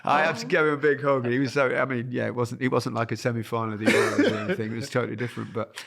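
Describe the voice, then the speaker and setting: A man's voice: medium pitch, steady tone, rapid-fire, vocal fry, a bit bright. A man in his sixties from England, a former footballer hosting a podcast, telling rambling anecdotes in casual chat. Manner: rambling anecdotal storytelling with laughs.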